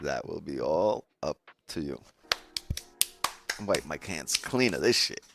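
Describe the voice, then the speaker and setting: A man's voice: very deep voice, animated, slow pace, gravelly, loud music behind the voice. A man hosting a casual trading live stream, talking straight to his chat in a loose, joking way and swearing often.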